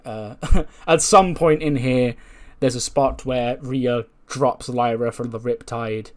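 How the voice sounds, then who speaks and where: A man's voice: mid-range voice, steady tone, slow pace. Chatty man recapping a wrestling game. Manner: chatty, laughs often, retells events with acted quotes. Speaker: gaming video creator. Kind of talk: casual game playthrough commentary.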